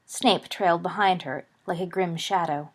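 A woman narrating a story aloud with an even, steady reading. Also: fairly low pitch, normal speed, husky. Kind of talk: audiobook narration of fan fiction.

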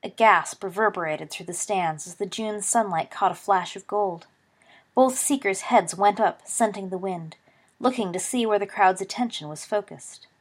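A woman narrating a story aloud, reading with expressive swings in volume. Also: mid-range voice, normal speed. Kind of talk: audiobook reading of fan fiction.

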